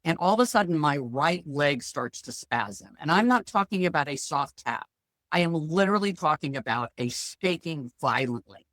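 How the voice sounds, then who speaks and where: A woman's voice: sits low, moderate pace, no echo. A middle-aged woman, a financial planner guest, talking bluntly and telling stories in a casual interview. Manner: lively, blunt storyteller.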